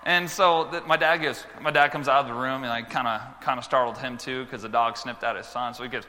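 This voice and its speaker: A man preaching a sermon to schoolchildren, telling stories with lively swings between loud exclamations and quiet earnest moments. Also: medium pitch, fairly quick, in a large hall. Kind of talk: sermon with storytelling.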